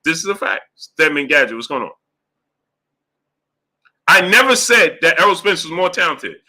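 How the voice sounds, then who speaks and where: Heated, bright-voiced man ranting on a live stream. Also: on the high side, big pitch swings, moderate pace. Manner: emphatic, argumentative, rhetorical questions. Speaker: boxing show host reading super chats.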